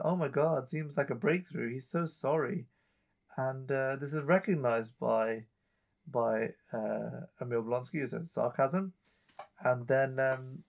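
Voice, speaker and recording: A man co-hosting a chat show, casually retelling a TV episode scene by scene and reading out the characters' lines. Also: medium pitch. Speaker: podcast co-host recapping an episode.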